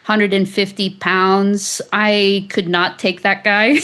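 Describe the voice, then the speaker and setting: A woman's voice: medium pitch, little pitch movement, slow pace, fairly bright tone. Chatty woman guest telling a story. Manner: chatty, with frequent "like" and laughs. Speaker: author and interview guest. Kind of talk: conversational storytelling.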